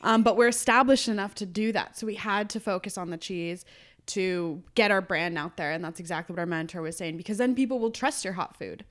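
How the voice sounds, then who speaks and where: Woman, podcast guest, animated storyteller, casual. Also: medium pitch, fairly quick. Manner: animated storytelling, acts out customer quotes. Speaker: food business co-owner, guest.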